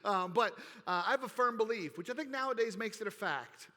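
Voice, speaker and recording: A man giving an energetic keynote speech, playful and animated as he works the crowd in a large convention hall. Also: high voice, fairly quick. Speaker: keynote speaker. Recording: reverberant hall.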